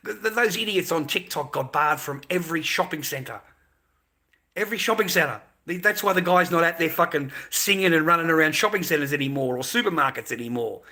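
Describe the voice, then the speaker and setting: In an animated, brisk rant aimed straight at his audience, this middle-aged Australian man mocks and sneers while swearing heavily. His voice runs a little high, sharp and bright.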